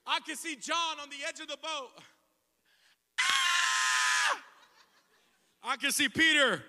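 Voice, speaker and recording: A man preaching a sermon as pastor, telling the story with lively acted-out voices and building to shouted proclamations. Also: extremely high pitch, fairly quick. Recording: echoey hall.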